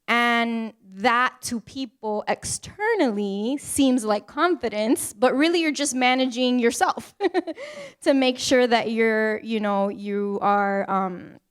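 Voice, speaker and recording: A woman in her forties talking casually on a panel, full of "like" fillers and quick laughs. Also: fairly high pitch, lively intonation, clear, resonant tone. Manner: chatty, many "like" fillers, laughs between points.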